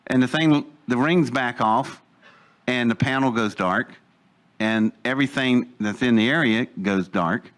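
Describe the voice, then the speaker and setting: Older male storyteller, mid-pitched voice, lively and chuckling, voice jumps up with excitement. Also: a little slow. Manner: animated, laughs mid-sentence, jumps higher when excited. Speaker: eyewitness storyteller. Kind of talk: first-person storytelling.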